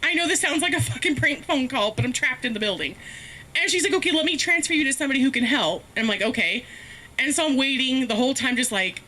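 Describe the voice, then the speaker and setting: A woman's voice: sits high, lively intonation, a little fast, sharp tone. A woman telling a rambling, profane, self-mocking story as a stand-up comedian, laughing often. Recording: faint background noise, live stream.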